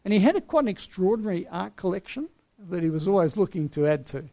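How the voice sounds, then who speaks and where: A middle-aged man delivers a sermon from the pulpit, his voice slightly high for a man and edged with gravel. He speaks earnestly, telling stories and letting key words settle with gentle pauses. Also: sing-song. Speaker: pastor.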